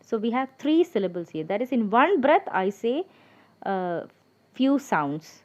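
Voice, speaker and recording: A woman's voice: on the high side, big pitch swings, normal speed, darkish tone, highs cut off. Woman teacher spelling out words patiently. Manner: patient, spells out words letter by letter, many fillers. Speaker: English teacher. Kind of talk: explaining grammar lesson.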